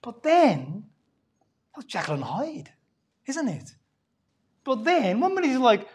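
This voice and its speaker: Brief: animated woman preacher, theatrical sermon delivery. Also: fairly high pitch, slow, husky. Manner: animated, dramatic, swings from loud to hushed.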